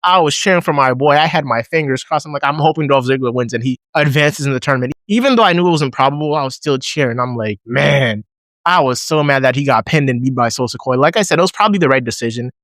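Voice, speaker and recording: Animated man recapping with a dry close sound. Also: mid-range voice, fast, no room sound. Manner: animated, acts out reactions in a raised voice. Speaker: wrestling show reviewer. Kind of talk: casual recap commentary.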